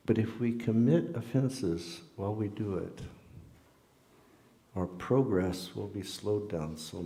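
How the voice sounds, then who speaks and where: A man's voice: fairly low pitch, mellow. Earnest man preaching in an echoey hall. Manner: conversational, earnest, with ordinary fillers. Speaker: devotional speaker. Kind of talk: informal sermon with storytelling. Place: temple hall during a festival.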